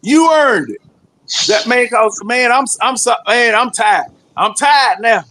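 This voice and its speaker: A man's voice: very high-pitched, lively intonation, measured pace, bright, forceful tone, slight background noise. A man, co-hosting a sports talk show and ranting in a rowdy, preachy way. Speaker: co-host. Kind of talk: fired-up sports talk rant.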